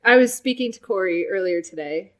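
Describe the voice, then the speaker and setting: A woman co-hosting a podcast, telling stories with deadpan, mock-dramatic humor. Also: mid-range voice, a little fast. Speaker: podcast co-host. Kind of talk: casual comedic chat.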